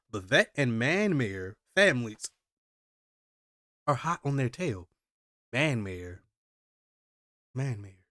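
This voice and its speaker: A man hosting a live manga reaction, reading the pages aloud and reacting with loud, slangy exclamations. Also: mid-range voice, no room sound, studio quality. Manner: animated, exclaiming, slangy commentary.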